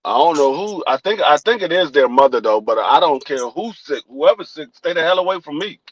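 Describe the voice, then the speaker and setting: A high-voiced man from Washington, D.C., with a D.C. accent, co-hosts a podcast, telling stories in casual chat. He's animated and profane, acting out quoted dialogue in a brisk, slightly rough voice. The recording is dry and lo-fi.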